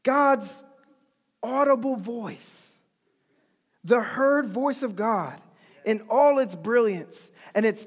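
A preacher giving an animated, humorous, conversational sermon in a large hall. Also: mid-range voice.

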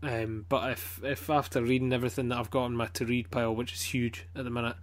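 A man's voice: mid-range voice, flat delivery, fast. A man with a Scottish accent chatting casually as a podcast co-host, blunt, swearing a lot and rambling with plenty of fillers. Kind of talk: casual chat.

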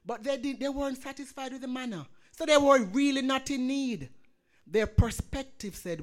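A woman's voice: high-pitched, moderate pace. A woman preaching a sermon, quoting scripture and building to fervent emphasis.

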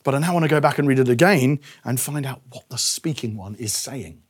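Husky-voiced man preaching. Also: fairly quick. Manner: conversational, animated, quoting voices with shifts in pitch and volume. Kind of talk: sermon.

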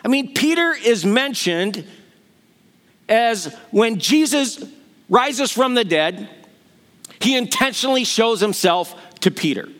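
A man's voice: high voice, fairly bright tone. A middle-aged man preaching a sermon, telling the stories with animation and acting out the voices he quotes. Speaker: pastor.

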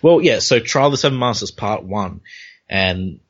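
A man's voice: lowish voice, animated, moderate pace, husky. A man hosting a casual comic book chat, easygoing, walking through the panels step by step. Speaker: podcast host. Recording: dull lo-fi recording.

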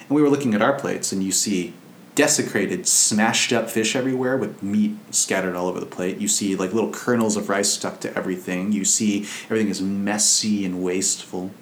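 A man's voice: lowish voice, fairly even intonation, a little fast, echoey room, a little hiss or hum. A man, a Buddhist monk, giving a casual storytelling Dharma talk in a loose, conversational, anecdotal way.

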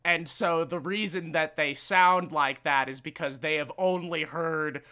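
A man co-hosting a podcast, chatting in a quick, exclamatory, jokey way. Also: fairly high pitch, bright, forceful tone, smooth. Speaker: podcast co-host. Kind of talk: casual comedic chat.

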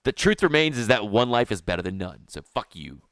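A man co-hosting a podcast, chatting casually and swinging between mumbled asides and excited outbursts. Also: lowish voice, brisk, no room sound, studio quality. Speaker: podcast co-host. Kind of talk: casual banter.

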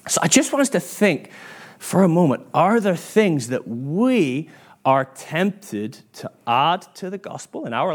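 A man preaching a sermon in church, chatty and self-mocking, acting out quoted voices as he tells stories. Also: a little high.

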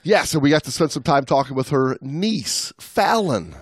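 A man's voice: a little high, very animated, slightly rough, dry recording. A man co-hosting a podcast interview, talking casually with a teasing, joking manner and stretched-out words. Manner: jokey, teasing, drawn-out words. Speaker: podcast co-host. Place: live event booth at a film festival.

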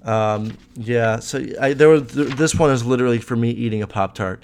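A man's voice: mid-range voice, moderate pace, few pauses, smooth. Young guy podcasting, swearing and being sarcastic about old school stories. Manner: profane, sarcastic, animated. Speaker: podcast host. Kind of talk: casual storytelling podcast.

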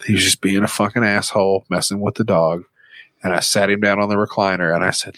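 A man in his thirties hosting a podcast, telling profane, animated stories in a casual chat, sounding a bit sick. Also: fairly low pitch, a little fast, dry recording. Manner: profane, animated storytelling with put-on quotes. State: sick, mouth noise. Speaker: podcast host.

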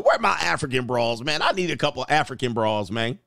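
A man's voice: mid-range voice, animated, a little fast, vocal fry, few pauses, a bit bright, dry recording, clean studio sound. A man hosting a casual reaction commentary, joking and laughing as he talks in slangy street style. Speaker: commentary video host. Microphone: headphones.

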